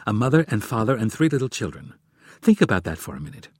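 Audiobook: male narrator's take on a stern, controlled female intelligence chief, husky and low. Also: sing-song, fast talker, dry recording, clean studio sound. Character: cool commanding woman intelligence chief.

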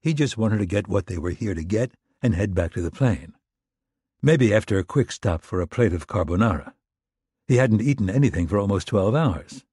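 A man narrating a thriller audiobook in a steady, measured, understated read. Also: sits low, husky, dry recording, studio quality.

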